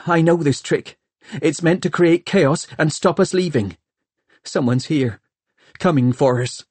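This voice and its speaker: A fierce, guarded young woman speaks in clipped, tense bursts, as a male narrator puts her on. The voice is raised and a little husky. It sounds dry and close to the mic. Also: on the high side, very animated, takes it slowly, darkish tone, no echo, voice pushed up, full character voice. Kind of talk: audiobook character voice.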